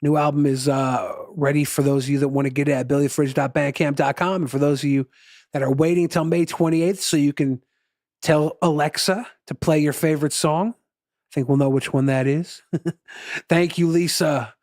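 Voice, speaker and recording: A man's voice: on the high side, steady tone, normal speed, darkish tone, dry recording, studio quality. A male musician chatting casually with his livestream viewers, rambling, laughing often and swearing freely.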